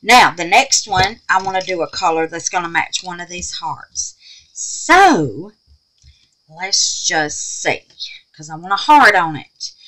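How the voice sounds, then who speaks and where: Animated woman crafting. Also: lowish voice, rough recording. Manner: animated and exclamatory, calls viewers babies. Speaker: craft tutorial host. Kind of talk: chatty crafting tutorial.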